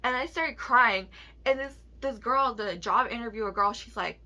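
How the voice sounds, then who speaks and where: Bright-voiced young woman ranting casually. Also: fairly high pitch, moderate pace. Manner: rambling, profane, fillers of "like". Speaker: vlogger. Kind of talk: casual storytime rant.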